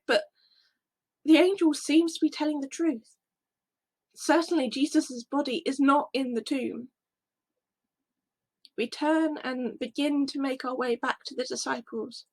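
A woman's voice: high-pitched, steady tone, unhurried, pauses often, a little mellow. A woman narrating a Bible story in the first person, emotional, shifting between fear and breathless wonder.

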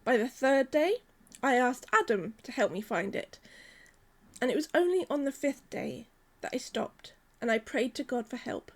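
A woman, preaching a sermon in a gentle, measured, earnest way. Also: high voice, very animated.

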